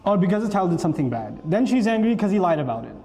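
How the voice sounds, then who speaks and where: A man's voice: high-pitched, fast talker. A man giving a humorous parenting talk, acting out dialogues between parents and children. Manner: animated, acts out quoted dialogue. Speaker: parenting speaker. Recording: long reverb, faint music.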